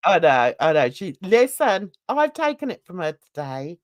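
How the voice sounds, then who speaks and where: A woman's voice: on the low side, sing-song, normal speed, dry recording. A woman with a mild London and Essex accent, hosting a rambling, casual chat and laughing often. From England. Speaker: channel host.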